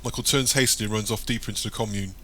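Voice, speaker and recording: A man reading an audiobook chapter in plain, even scripted narration. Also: on the low side, racing, slight background noise.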